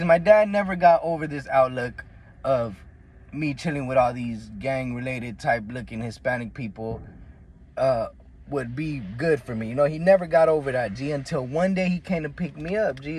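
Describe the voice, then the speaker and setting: A man's voice: moderate pace, darkish tone, a little hiss or hum. A man telling a story from his life in casual, slangy, profane talk, often calling the listener "G" and "bro.". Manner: acts out the quoted voices in a much higher pitch.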